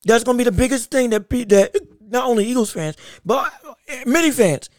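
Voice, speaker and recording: A woman's voice: a little high, moderate pace, dry recording, clean studio sound. A woman sports vlogger giving casual commentary, talking emphatically and repeating phrases for emphasis.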